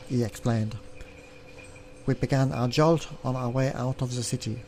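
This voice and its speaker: A man hosting a let's play, reading a text adventure aloud and clearing his throat often, with offhand asides. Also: medium pitch, fairly even intonation, moderate pace, a little mellow, a little hiss or hum.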